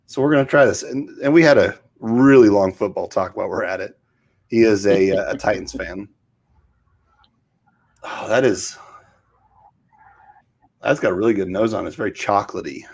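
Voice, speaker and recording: A man's voice: on the low side, normal speed, long pauses, darkish tone. A middle-aged man co-hosting a casual show, chatting in an easygoing, rambling way. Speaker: podcast co-host. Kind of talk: casual chat.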